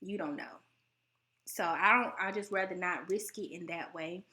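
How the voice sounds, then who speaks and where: A young American woman talks straight to the camera in a loose, chatty way, laughing often and breaking into high, exaggerated impressions of her relatives. Her tone is bright and forward, with a slight teary edge that stays even when she isn't upset. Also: normal speed. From United States. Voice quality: voice sounds close to tears. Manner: animated, laughing, mimics relatives in high voices. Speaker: vlogger host. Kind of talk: casual talking-to-camera chat.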